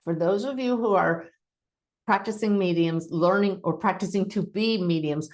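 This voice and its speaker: A woman's voice: medium pitch, moderate pace. A woman medium giving a webinar talk, recounting a reading expressively and teaching in an earnest tone. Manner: expressive, re-enacts dialogue while recounting.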